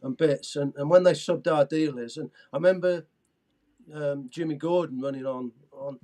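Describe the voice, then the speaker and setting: A man's voice: a little high, moderate pace, mellow. A man in his sixties telling stories as an interview guest, eager and tripping over his words with many restarts. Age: 60s. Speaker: guest, former footballer. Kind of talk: casual interview storytelling.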